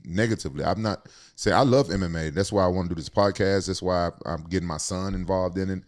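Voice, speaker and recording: A man's voice: low-pitched, fast. A man hosting a podcast, talking in a loose, conversational way that repeats words as he goes. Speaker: podcast host. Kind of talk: casual podcast talk.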